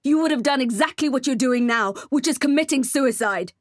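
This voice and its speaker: A woman's voice: high voice, fairly quick, no room sound, clean studio sound, lightly acted. A woman reading an audiobook, voicing a stubborn, protective young male vampire who pleads with earnest firmness. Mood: pleading. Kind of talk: audiobook character voice.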